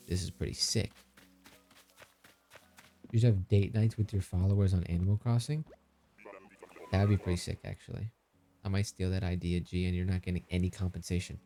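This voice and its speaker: Reading out chat messages between frequent laughs, a man in his thirties jokes around casually on a live stream. His voice sits low and has a warm tone.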